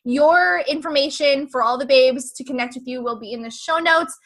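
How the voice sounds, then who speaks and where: A woman's voice: sits high, moderate pace, a bit bright. A young woman hosting a podcast in an effusive, gushing casual chat, dropping mild swears. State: pregnant. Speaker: podcast host.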